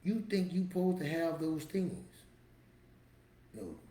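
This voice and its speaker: A man's voice: a little high, big pitch swings, takes it slowly, dark tone, echoey room. A man giving a motivational talk to camera in a preachy, emphatic, street-casual storytelling manner. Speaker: motivational vlogger.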